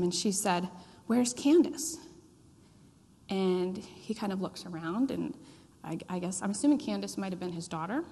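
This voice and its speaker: Woman preaching in a reverberant hall. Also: medium pitch. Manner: storytelling with many fillers. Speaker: pastor. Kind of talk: sermon.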